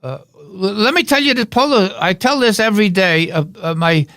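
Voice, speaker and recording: A man's voice: high voice, lively intonation, moderate pace, a bit bright, no echo, studio quality. An older man, a guest on a podcast, telling rambling anecdotes and jokes in a casual way. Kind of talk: casual storytelling. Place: podcast studio.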